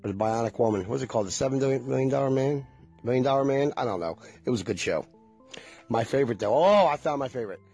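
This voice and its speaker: A man's voice: medium pitch, lively intonation, fast, darkish tone, husky, soft background music. A man in his forties chatting casually to viewers, rambling and nostalgic and swearing freely.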